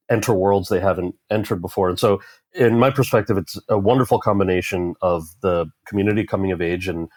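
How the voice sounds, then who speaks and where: A man with a fairly low voice talks through stories and industry views as an interview guest. He acts out quoted lines with sudden leaps in pitch. The recording is close and dry. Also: a little mellow, no room sound. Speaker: actor guest. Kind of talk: conversational interview storytelling.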